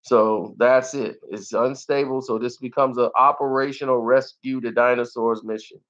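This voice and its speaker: A man reviewing a movie in casual talk, animated and laughing often as he acts out scenes. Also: mid-range voice, moderate pace, muffled recording.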